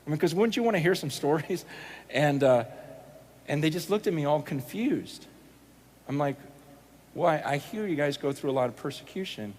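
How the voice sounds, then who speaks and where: A man preaching a sermon, telling stories in an animated, conversational way and quoting other people as he goes. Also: fairly high pitch, normal speed, long pauses. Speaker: pastor. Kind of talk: sermon storytelling.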